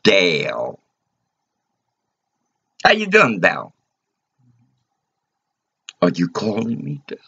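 A man rants at the camera in an agitated, profane ramble. His gravelly, husky voice drags slowly and lurches between high and low. The recording is dull and lo-fi. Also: wildly swooping pitch, bright, forceful tone. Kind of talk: angry rambling rant to camera.

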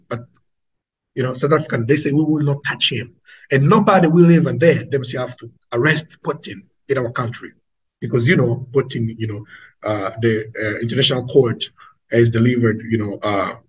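A man's voice: mid-range voice, a little hiss or hum, rough recording. A man with an Angolan accent preaching to an online audience, emphatic and repetitive, calling his listeners family.

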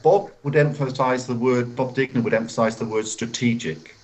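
A man being interviewed as a guest author over a video call, explaining in a measured way and acting out example phrases. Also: mid-range voice, fairly even intonation, a little mellow, poor audio. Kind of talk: interview answers. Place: hotel room.

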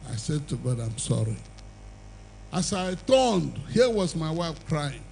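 A man's voice: a little high, big pitch swings, unhurried, gravelly, a little mellow, a little hiss or hum, poor audio. An older man preaching an evangelistic sermon and altar call, with emphatic, repetitive exhortation and the odd chuckle.

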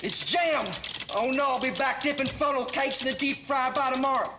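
Deadpan ride operator, distant, high-ish voice, hissy. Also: male voice, normal speed. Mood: flustered. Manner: blunt, deadpan. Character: gruff male ride operator, blunt. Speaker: actor in a sitcom. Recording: noisy old TV audio, from far off.

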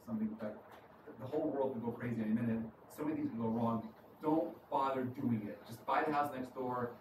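A man with a New York accent preaches in a loose, conversational way, checking in with his listeners again and again. He is caught from a distance in an echoey room. Steady background noise sits under his voice. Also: medium pitch, fairly quick. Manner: conversational, keeps asking "right?". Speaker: rabbi. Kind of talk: sermon. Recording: echoey room from far off, noisy.

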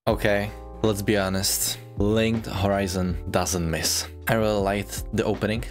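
A man reacting to anime in a casual, gushing way, his voice jumping high in excited outbursts and laughs. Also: a little slow. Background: anime music playing.

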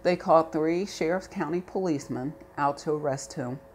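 Low-voiced woman telling her story. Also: normal speed, a little hiss or hum. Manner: animated, rising to anger when recalling. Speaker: interviewee. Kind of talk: personal storytelling.

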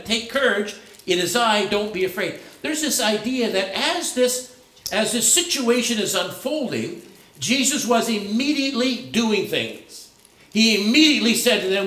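Male pastor with a high voice in an echoing church. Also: bright, forceful tone. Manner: conversational, searching, frequent restarts and fillers. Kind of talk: sermon. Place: church sanctuary. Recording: echoey church room.

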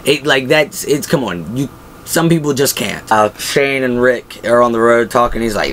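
Excitable young man recapping a show. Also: medium pitch, a little hiss or hum. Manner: excited, rambling retelling with quick voiced quotes. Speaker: show host. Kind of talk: casual fan recap.

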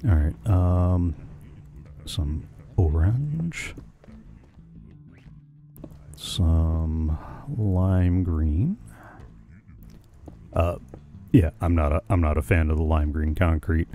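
Slow, deep-voiced man musing on stream. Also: dark tone, faint music behind. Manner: musing aloud, hesitant with frequent ums and restarts; chatting with viewers in the chat. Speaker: live streamer. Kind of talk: casual live-stream chat while playing.

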